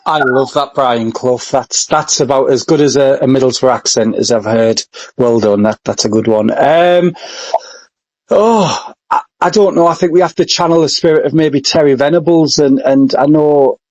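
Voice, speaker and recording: A man co-hosting a podcast, talking earnestly with halting restarts. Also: mid-range voice, darkish tone, no echo, rough recording. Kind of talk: casual chat.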